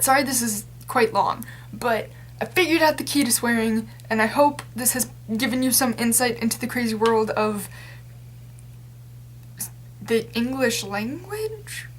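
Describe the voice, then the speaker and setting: A woman's voice: fairly high pitch, fairly bright tone. A young adult woman talking straight to camera in a casual vlog rant, rambling and exasperated, with lots of fillers. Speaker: vlogger.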